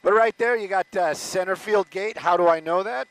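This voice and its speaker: A man's voice: sits high, normal speed, a bit bright, no room sound, rough recording. A man doing loose, rambling live commentary as a helicopter news reporter, often stopping and restarting mid-sentence. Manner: loose, rambling, self-interrupting. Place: news helicopter over a stadium.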